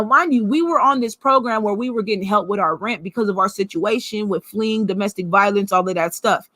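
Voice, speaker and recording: A woman vlogger telling a personal story in a blunt, profane, animated way. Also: a little high, no echo.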